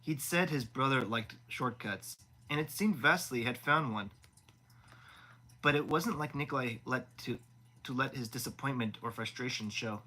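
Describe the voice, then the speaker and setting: A man's voice: medium pitch, moderate pace, sharp tone, rough recording. A man reading a novel aloud live, often stumbling and rereading words. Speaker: audiobook reader.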